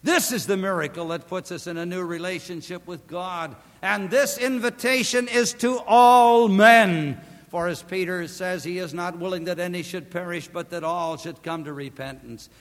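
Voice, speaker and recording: Preacher, male, fairly high voice, dramatic swings from booming to hushed, sermon in a big echoing church. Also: fairly even intonation, moderate pace, few pauses. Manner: dramatic swings from loud emphatic peaks to hushed near-whispers. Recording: long hall reverb.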